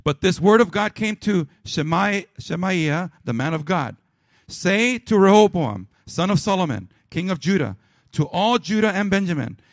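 Pastor guy preaching, kinda high voice, dry close sound, goes loud then soft and low. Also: dry recording. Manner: preaching with swings from loud emphatic peaks to quiet, low prayer; calls out to the congregation. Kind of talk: sermon.

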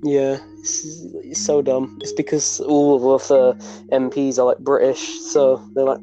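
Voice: medium pitch, level tone, measured pace, dark tone, muffled recording, soft background music. A young podcast co-host in casual, crude banter with friends. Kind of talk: casual chat.

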